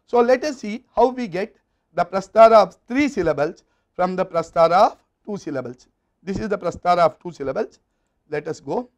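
A man with an Indian English accent giving a university lecture, explaining step by step in a methodical way. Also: high-pitched.

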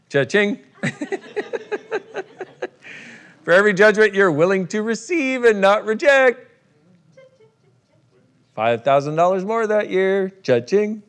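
Guy with a pretty high voice running a workshop, jokey and irreverent, swears a bunch, laughs a lot. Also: a bit bright. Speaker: workshop facilitator. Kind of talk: live workshop talk to an audience.

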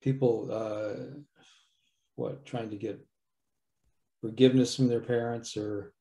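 A man on a video call asking a slow, hesitant question in an interview. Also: mid-range voice, steady tone, mellow, roomy sound. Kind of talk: casual interview chat.

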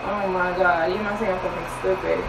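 A woman's voice: fairly low pitch, fairly even intonation, brisk, vocal fry, very noisy. Young woman demanding answers, echoey distant room. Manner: demanding, accusing, repeats herself. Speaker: girlfriend. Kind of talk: casual argument.

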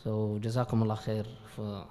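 A man from Qatar speaking relaxed and hesitant as a panel guest, mixing Arabic fillers into his English. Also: lowish voice, rapid-fire, a little hiss or hum. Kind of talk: casual talk at a live event. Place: event hall at an Islamic centre. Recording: long hall reverb.

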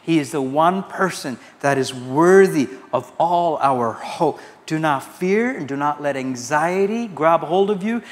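A man's voice: a little high, animated, unhurried, hardly any pauses, in a large hall. A man from India preaching a sermon as pastor, quoting scripture and telling anecdotes to his congregation. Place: large church hall.

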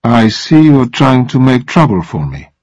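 A man voicing a calm, coolly polite army captain who speaks evenly and without haste in a read-aloud story. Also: medium pitch, gravelly, slightly rough, no echo, dull audio, heavily acted. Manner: cool, even, unhurried.

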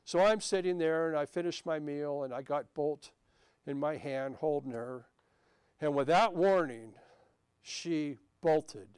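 A man's voice: a little high, unhurried, darkish tone, smooth, dry recording. A male pastor telling a personal story during a sermon in a conversational, anecdotal way. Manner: anecdotal, conversational with frequent restarts. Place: church sanctuary.

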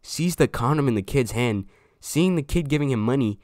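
A man's voice: mid-range voice, animated, normal speed, a little mellow, no echo, studio quality. A young man telling a casual storytime to his viewers, loose and slangy, swearing freely. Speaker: storyteller vlogger.

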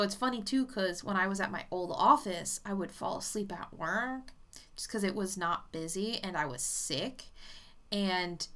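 Bright-voiced, blunt-talking woman medium. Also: mid-range voice. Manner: chatty, blunt, swears freely. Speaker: psychic medium. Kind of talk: casual vlog talk.

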